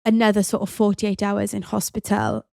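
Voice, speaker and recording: A woman's voice: mid-range voice, little pitch movement, moderate pace, gravelly, dark tone, no room sound, clean studio sound. A woman hosting a podcast, telling a personal story in a chatty, open way, full of casual fillers. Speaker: podcast host.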